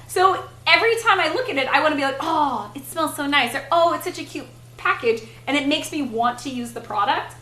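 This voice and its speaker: A woman's voice: sits high, bright, forceful tone, reverberant, rough recording. A young woman chatting casually and bluntly on a livestream while cooking at home, swearing freely. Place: home kitchen.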